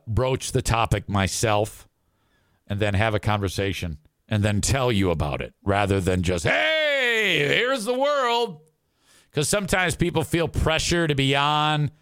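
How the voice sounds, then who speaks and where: A middle-aged man hosts his own live show and rambles casually, swearing freely. His voice sits at an ordinary pitch and sounds dry, close to the mic. His talk wanders, with plenty of restarts and blunt asides. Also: smooth, no echo. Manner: crude, profane, rambling.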